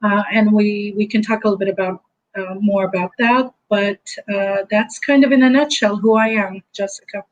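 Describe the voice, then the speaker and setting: A woman speaking as a managing director answering interview questions in a measured, businesslike way over a video call. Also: medium pitch, steady tone, dull audio.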